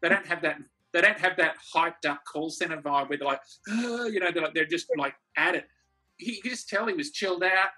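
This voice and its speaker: Australian male co-host, bright and a touch husky, relaxed anecdotes on a video call. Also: fairly high pitch, brisk, faint music behind. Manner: laughing, easygoing storyteller. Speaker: comedy co-host. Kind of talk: casual chat over a video call.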